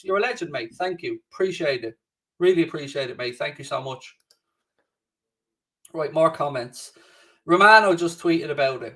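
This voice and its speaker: A man's voice: fairly high pitch, a bit bright, far from the mic. A man hosting a casual live stream at home, chatting loosely, swearing freely and reading out viewer comments. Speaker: livestream host. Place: home studio.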